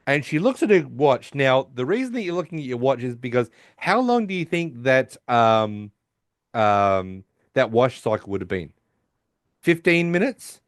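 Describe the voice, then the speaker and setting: A man's voice: sing-song, moderate pace, no room sound, studio quality. Man retelling scenes, mimicking voices. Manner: acts out quoted lines in higher voices. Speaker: podcast co-host. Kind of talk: casual chat recapping an episode.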